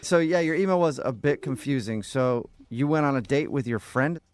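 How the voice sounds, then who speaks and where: A man's voice: mid-range voice, normal speed, a crowd in the background. A man hosting a morning radio show, joking and teasing his co-host and a caller.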